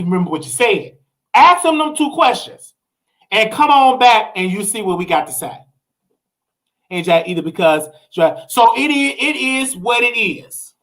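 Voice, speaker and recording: A man's voice: extremely high pitch, a bit bright, rough recording. A young adult man hosting a livestream gossip show, talking in a sassy, slangy, blunt way with dramatic asides to his chat. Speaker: show host.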